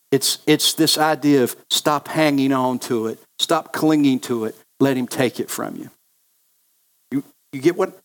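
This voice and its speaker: A male pastor preaching a sermon, earnest and repeating key phrases for emphasis. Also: fairly high pitch.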